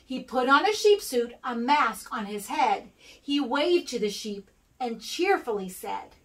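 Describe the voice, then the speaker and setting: An American woman reading a rhyming picture book aloud to kindergarten children, expressive and sing-song. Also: fairly high pitch, unhurried, recorded from a distance, poor audio. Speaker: guest reader for kindergarten.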